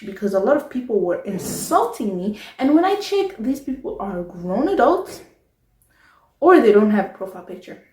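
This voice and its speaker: A young woman talks straight to camera, animated and exasperated, her voice leaping high to press a point. She sits back from the mic. The room gives a roomy ring to her voice. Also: far from the mic. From South Africa. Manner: animated, exasperated, pitch jumps high when making a point. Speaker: vlogger. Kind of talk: casual talk to camera.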